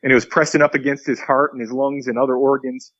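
A pastor being interviewed, telling a long story earnestly and acting out the quotes. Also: male voice, medium pitch, little pitch movement, fast talker, fairly bright tone, dry recording, dull audio.

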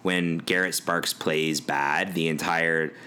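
Deep-voiced man in casual sports banter. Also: steady tone, slow pace, sharp tone, slight background noise. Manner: joking, profane, rambling. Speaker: podcast co-host.

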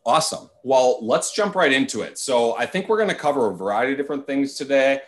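A man hosting a podcast interview, speaking in a halting way with lots of filler words. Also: mid-range voice, expressive. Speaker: podcast host. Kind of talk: casual interview chat.

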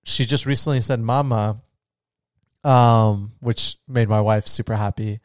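Lowish and steady at a normal speed, this young man's voice carries his own solo podcast. He talks casually and gushes, restarting his sentences loosely, in a studio-quality recording without echo.

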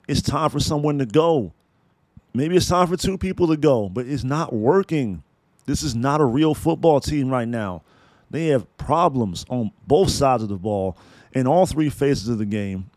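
A man's voice: medium pitch, a little mellow, no echo. A man hosting a sports podcast, delivering a blunt, profane, fired-up rant about his team. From San Francisco Bay Area.

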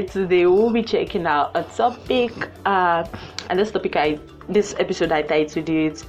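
A young woman hosting her own podcast in a playful, animated way, jumping to high excited exclamations. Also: normal speed. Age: young adult. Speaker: podcast host. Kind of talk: casual solo podcast chat. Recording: muffled lo-fi with faint music.

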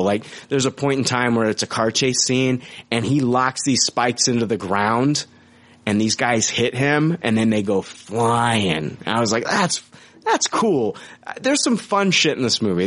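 A man hosting a podcast and chatting casually about a movie, with loose, profane talk full of fillers. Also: lowish voice. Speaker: podcast host. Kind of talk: casual movie review chat.

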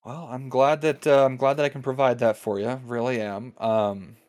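A man's voice: mid-range voice, flat delivery, normal speed, darkish tone, no echo. A man hosting a podcast, joking and bantering playfully. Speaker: podcast host. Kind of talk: casual chat.

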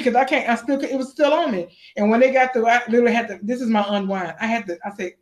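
An actress being interviewed, telling stories in a lively, animated way and acting out the voices of the people she quotes. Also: quick pace. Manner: acts out quotes with big pitch jumps. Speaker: actress guest. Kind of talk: animated storytelling.

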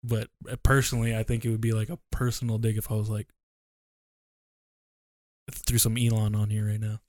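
Laid-back joking podcast co-host. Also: male voice, lowish voice, monotone, a little fast, darkish tone, no room sound, clean studio sound. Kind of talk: casual podcast chat.

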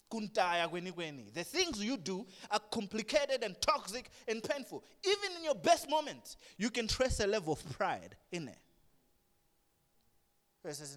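High-voiced preacher in a big hall. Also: male voice, normal speed. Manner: animated, swings from hushed to loud. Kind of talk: sermon. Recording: long reverb of a large hall.

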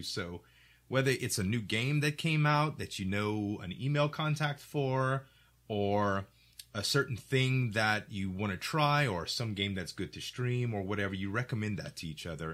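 A middle-aged man talks shop on a casual podcast, speaking in a clear, articulate way. His voice sits a little low but has a bright, forceful edge. He tells stories with energy, slipping into voices for the people he quotes. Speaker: podcast host.

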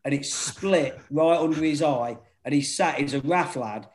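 A man's voice: fairly high pitch, normal speed. A middle-aged man, telling rowdy anecdotes in casual chat, laughing often and swearing freely. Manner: laughing, swearing, animated storytelling.

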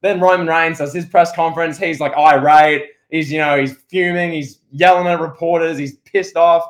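Rambling excitable man on a podcast. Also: on the high side, moderate pace. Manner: rambling, excitable, full of restarts and playful impressions. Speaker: podcast co-host. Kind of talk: casual wrestling podcast chat.

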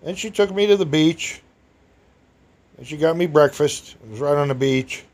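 His fairly high voice is expressive and a little mellow, at normal speed. He's a storyteller sharing a meandering, chatty personal anecdote with an audience, often exclaiming and chuckling.

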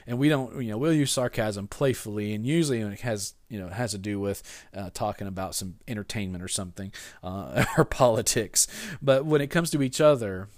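A man preaching a sermon in a conversational way, often restarting his sentences and acting out quoted lines with sudden jumps in pitch and loudness. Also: no echo, studio quality. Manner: conversational, with repeated restarts and playful sarcasm. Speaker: pastor.

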